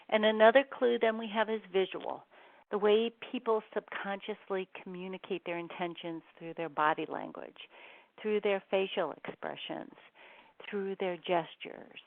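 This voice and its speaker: A woman's voice: medium pitch, moderate pace, dry recording. A woman giving a webinar presentation in a conversational way, with many ums and restarts. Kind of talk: presentation on communication styles. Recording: tinny phone-line audio.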